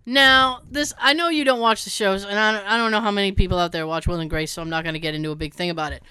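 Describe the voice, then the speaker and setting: A woman's voice: medium pitch, fast, smooth, no echo. A middle-aged woman co-hosting a casual chat, telling stories with lots of laughs and the odd swear word. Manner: animated storyteller who laughs often and swears. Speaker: podcast co-host.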